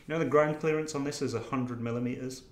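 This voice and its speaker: A man's voice: mid-range voice, fairly even intonation, quick pace, over a noisy crowd. Male stream host, chatty and easygoing, roomy sound. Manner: chatty, laughs often. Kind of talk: casual chat.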